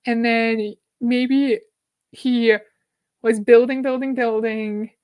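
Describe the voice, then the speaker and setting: A woman's voice: fairly high pitch, fairly even intonation, takes it slowly, a little mellow, clear, resonant tone. A woman hosting a live reaction stream, chatting casually, greeting viewers by name and reading their comments aloud. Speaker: livestream host.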